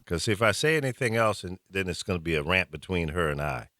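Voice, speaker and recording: A male talk-show host with a bright, forceful voice tells a long story in loose, chatty fashion at a quick pace. His intonation is lively, his pitch swinging freely as he chuckles at his own jokes, and the sound is close and dry.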